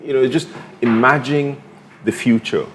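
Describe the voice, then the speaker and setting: A man's voice: mid-range voice, fairly even intonation, unhurried, a little hiss or hum. A middle-aged man from Nigeria, a talk show guest, speaking hesitantly and repeating words while he thinks.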